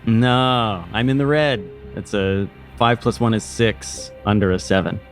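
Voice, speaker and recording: Low voice dude playing a tabletop game, faint music behind. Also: male voice, measured pace. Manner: casual, joking. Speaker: player.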